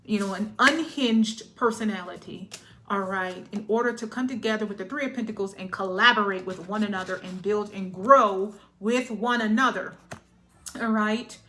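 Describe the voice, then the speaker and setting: A woman's voice: mid-range voice, normal speed, pushed and bright, a little hiss or hum. A woman giving a collective tarot reading in a chatty, emotional way, often laughing and checking in with "all right?". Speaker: tarot reader.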